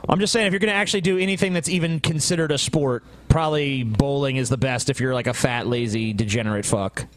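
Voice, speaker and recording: A man's voice: medium pitch, fast talker. A man co-hosting a podcast in crude, mocking casual banter. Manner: brash, profane, mocking. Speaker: podcast co-host.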